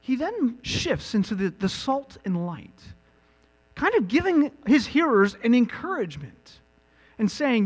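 A man preaching a sermon as pastor, animated and building to emphatic peaks. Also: extremely high pitch, a little slow, husky. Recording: long reverb with mains hum.

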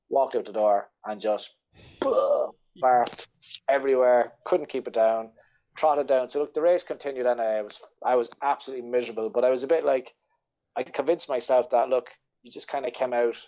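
A man's voice: mid-range voice, dark tone, highs cut off. A man with an Irish accent, a podcast guest telling a rambling story in casual chat, swearing freely and laughing as he goes. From Ireland. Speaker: podcast guest, ultra-runner.

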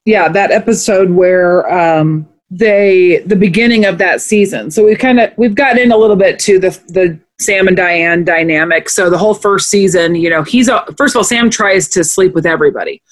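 A woman in casual chat as a podcast co-host, an animated storyteller who acts out quotes as she goes. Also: lowish voice, normal speed, hardly any pauses.

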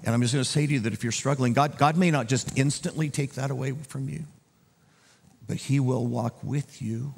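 A man preaching a conversational sermon as a pastor, dropping to a hushed, gentle tone and then rising into loud, urgent appeals. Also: medium pitch, normal speed, vocal fry, in a large hall, slight background noise. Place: church auditorium.

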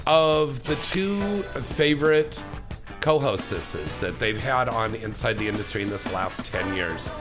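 A man's voice: on the low side, lively intonation, unhurried, over music. A man hosting a talk radio show, chatting in an effusive, enthusiastic way.

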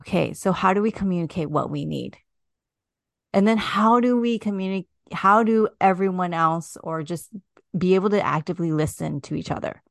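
A woman's voice: fairly low pitch, moderate pace, creaky, no echo, clean studio sound. A woman hosting a casual podcast chat. She speaks emphatically and turns to address listeners directly.

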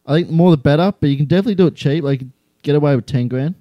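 A young man with an Australian accent, chatting casually as an interview guest, relaxed and full of fillers. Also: fairly high pitch, rapid-fire, dry recording, dull audio. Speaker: guest, skydiving student.

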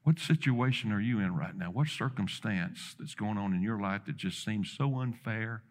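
A man preaching a sermon, telling a story dramatically with quoted dialogue, building to loud emphatic peaks and dropping low again. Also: moderate pace.

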